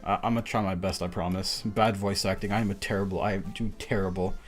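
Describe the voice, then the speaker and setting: A man's voice: low-pitched, fairly even intonation, fast talker. A man streaming live in casual chat, rambling and self-deprecating, laughing often.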